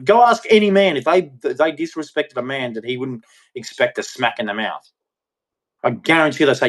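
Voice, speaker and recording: Man, heated rant to camera; blunt, agitated, swings from loud outbursts to low muttering. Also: very animated, brisk. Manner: agitated, blunt, mocks others in shrill mimicry.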